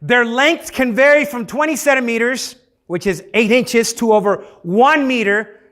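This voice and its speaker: High-voiced man teaching a youth group. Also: moderate pace, a bit bright. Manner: interactive, has the audience repeat words; playful, jokes with the room. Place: youth service room.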